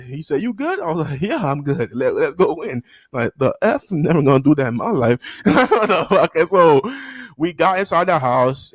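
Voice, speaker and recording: A young man with a fairly high voice tells a story to camera, rambling through fillers and restarts in loose slang. He jumps up high and loud whenever he acts out what people said, and the sound is close and dry. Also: no echo. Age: young adult. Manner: animated, acts out quotes with sudden high-pitched yelps. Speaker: vlogger telling a story. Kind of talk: casual storytime.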